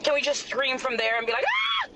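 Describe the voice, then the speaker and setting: A woman talking casually in an animated, playful way. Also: a little high, fast, noisy background.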